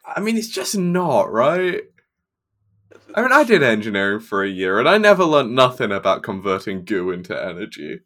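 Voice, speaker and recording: A man's voice: fairly low pitch, sing-song, moderate pace, a bit bright. A man co-hosting a podcast in casual, laughing, sweary chat. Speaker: podcast co-host.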